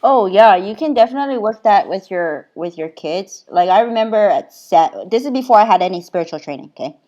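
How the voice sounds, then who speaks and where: A middle-aged woman from Hawaii, a spiritual healer, talking casually as a podcast guest, earnest and quick to laugh, with loose run-on phrasing. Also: mid-range voice, expressive, mellow, dull audio. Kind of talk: casual conversational storytelling.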